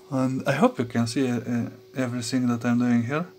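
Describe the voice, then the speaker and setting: Steady and darkish in tone, this medium-pitched man gives casual workbench commentary on a soldering job for his electronics vlog, with a little hiss or hum in the recording. He speaks haltingly with many fillers and restarts, chuckling to himself.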